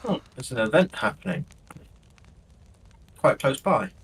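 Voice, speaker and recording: A man with a middle pitch and a lively, bouncing delivery. He chats over a game in brief reactions and quick callouts. There is a light hiss under the voice. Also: creaky. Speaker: gaming teammate. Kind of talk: casual chat while gaming.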